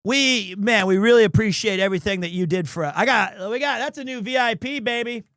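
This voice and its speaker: A man's voice: high-pitched, fairly quick, dry recording, studio quality. Rambling young man telling stories on stream. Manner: rambling, animated storytelling with lots of restarts. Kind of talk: casual livestream chat.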